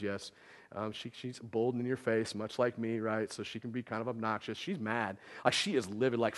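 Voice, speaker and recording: A man's voice: medium pitch, a bit bright. A man in his thirties preaching a sermon, telling a story in a casual, rambling way full of filler words. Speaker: pastor. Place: church sanctuary. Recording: long church hall reverb.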